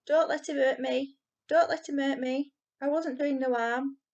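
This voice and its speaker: A woman voicing a panicky young boy with a shrill, wailing voice. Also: fairly even intonation, very slow, a little mellow, highs cut off. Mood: pleading.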